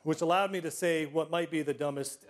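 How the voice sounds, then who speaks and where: Slightly high-voiced man telling comic stories. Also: steady tone, a little fast. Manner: self-deprecating, comic timing, acts out the scenes; frequent throat clearing. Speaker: storyteller. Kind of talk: personal storytelling to a live audience.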